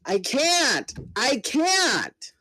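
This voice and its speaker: A man doing a frantic shouting teenage boy. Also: high-pitched, sing-song, a little slow, dry recording, voice pushed up, full character voice, low-quality recording.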